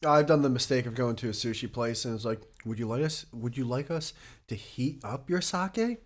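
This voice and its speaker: A man chatting casually as a podcast guest, telling animated stories and laughing a lot. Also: medium pitch, normal speed.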